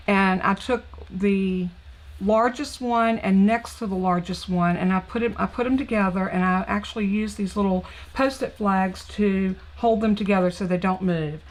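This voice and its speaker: A woman's voice: mid-range voice, low-quality recording. Chatty Southern woman crafting live. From Southern United States. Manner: chatty, gushing, thinks aloud with fillers. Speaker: card-making demonstrator.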